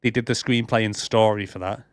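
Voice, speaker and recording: A man's voice: fairly low pitch, steady tone, a little fast, clean tone, no room sound, clean studio sound. A man co-hosting a movie podcast, chatting casually and rambling with lots of fillers. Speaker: podcast co-host. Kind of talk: casual chat.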